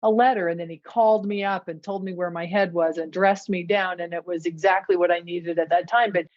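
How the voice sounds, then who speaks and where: A woman's voice: on the low side, steady tone, brisk. Woman podcast host, thoughtful, laughs a lot, kinda dull lo-fi audio. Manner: reflective, laughs often. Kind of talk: conversational interview. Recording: dull lo-fi sound.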